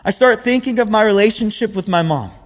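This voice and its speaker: A man's voice: sits high, fairly quick. A young man giving a sermon in an earnest way, often repeating words as he searches for the next phrase. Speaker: preacher. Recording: long hall reverb.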